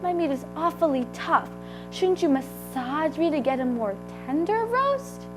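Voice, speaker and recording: Girl reading as a tiny sly piglet, super high squeaky pleading, slow and drawn out, storybook voice. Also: lively intonation, over music. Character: small clever male piglet, pleading and sly.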